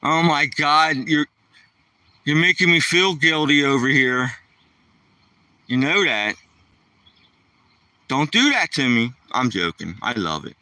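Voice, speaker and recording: A man's voice: fairly high pitch, animated, slow pace, pauses often, bright, forceful tone, no room sound, distant mic. A man chatting casually while walking his dog outdoors, rambling and joking to the dog and the camera. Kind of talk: casual vlog chat.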